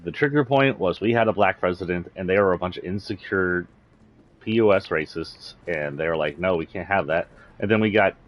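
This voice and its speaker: A man with a slight Southern accent from Texas, talking bluntly and indignantly in a political livestream rant. His voice sits very low. The lo-fi stream audio sounds dull and muffled. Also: brisk. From San Antonio, Texas.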